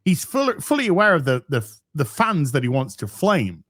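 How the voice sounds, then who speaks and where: A man's voice: a little high, very animated, moderate pace, fairly bright tone, no echo, studio quality. A man speaking as a guest on a live stream, ranting heatedly and swearing. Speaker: guest commentator. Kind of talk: casual live stream chat.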